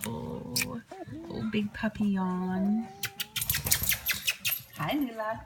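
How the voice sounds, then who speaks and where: A woman's voice: a little high, animated, slow, gravelly, long pauses, very noisy. A woman breeder chatting to her puppies in cooing baby talk, laughing often, indoors at a whelping pen. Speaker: dog breeder. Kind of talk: casual vlog narration.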